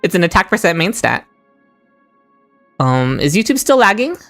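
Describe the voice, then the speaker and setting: A woman's voice: fairly low pitch, big pitch swings, normal speed, a bit bright, soft background music. A woman streaming a game live, chatting with viewers and shrieking with delight at lucky rolls. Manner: chats with viewers in chat. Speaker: gaming streamer. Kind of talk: live-stream gaming commentary. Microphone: desk microphone.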